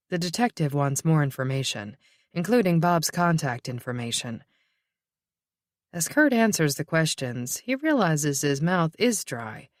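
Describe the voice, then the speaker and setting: A steady audiobook narrator reading prose at an even, measured pace. The voice sits at a middle pitch. The recording is dry with no room sound. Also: no echo.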